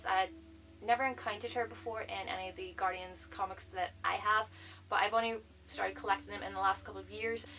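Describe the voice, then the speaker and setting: A woman's voice: mid-range voice, bright, forceful tone, distant mic, low-quality recording. A woman chatting enthusiastically in a casual movie review vlog, full of fillers like "like.". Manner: gushing, chatty, lots of "like".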